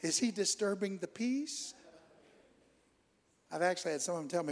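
Brief: high-pitched male Pentecostal preacher, fervent, bursts into tongues, long church-hall reverb. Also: lively intonation, normal speed. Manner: fervent, swells into exclamations and speaking in tongues. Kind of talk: Pentecostal sermon.

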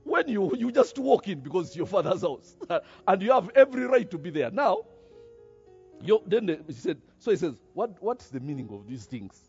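A man preaching a sermon, animated, with many rhetorical questions and a habit of tagging "eh?". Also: high-pitched, normal speed, gravelly, husky, lo-fi sound, soft background music.

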